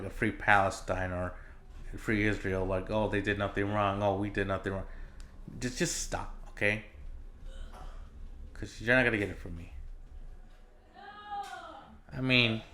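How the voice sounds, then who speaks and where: A man's voice: on the low side, bright, forceful tone. A man hosting his own solo podcast, ranting in an exasperated, casual way with lots of swearing and filler words. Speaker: podcast host.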